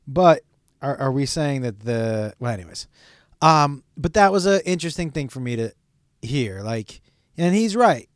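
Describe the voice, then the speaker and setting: A man's voice: mid-range voice, expressive, moderate pace, dry recording, clean studio sound. A middle-aged man hosting a solo podcast, talking candidly in a rambling way and swearing often. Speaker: podcast host.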